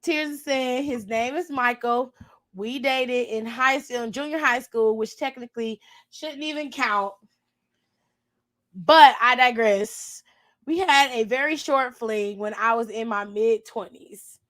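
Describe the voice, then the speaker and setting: High voiced woman gossiping on a podcast, super animated, laughs a lot, swears. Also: slow. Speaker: podcast co-host. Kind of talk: casual chat.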